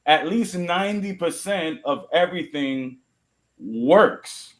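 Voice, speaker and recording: A man's voice: on the high side, lively intonation, slow. A man from Rico, hosting a casual chat, blunt and swearing now and then. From Puerto Rico.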